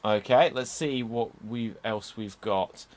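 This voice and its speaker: A man hosting an improvised murder-mystery show, reading audience questions in a brisk, self-mocking way. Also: lowish voice. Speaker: show host.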